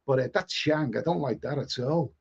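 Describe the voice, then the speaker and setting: A man's voice: mid-range voice, normal speed, creaky, slightly rough. A middle-aged man with a Liverpool accent hosting a live stream, chatting casually and reading viewer comments, often stammering and repeating words. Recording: dull lo-fi stream audio.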